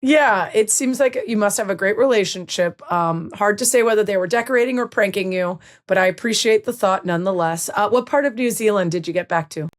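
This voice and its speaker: An American woman hosts a podcast in a relaxed, chatty way. She jokes with her guest and laughs easily, and her voice sits at an ordinary middle pitch. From United States. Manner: chatty, joking, quick to laugh. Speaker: podcast host. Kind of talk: casual interview chat.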